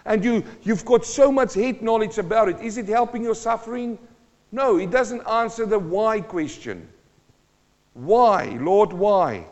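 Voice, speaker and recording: A man preaching a sermon in a high voice. His delivery is emphatic, with repeated lines and rhetorical questions. The sound is dull and carries a long reverb from the church hall. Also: normal speed. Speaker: pastor.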